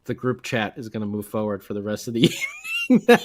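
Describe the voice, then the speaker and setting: A man co-hosting a casual sports podcast, talking in a chatty, animated way with plenty of filler words. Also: lowish voice. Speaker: podcast co-host.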